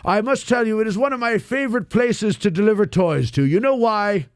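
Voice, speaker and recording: A man's voice: high voice, brisk, clear, resonant tone, dry recording, studio quality. A man doing a grumpy, bickering Santa Claus. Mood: grumbling. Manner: bickering, blustery, laughs a lot. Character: grumpy self-pitying male Santa Claus. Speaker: podcast host playing Santa. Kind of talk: improvised comedy role-play.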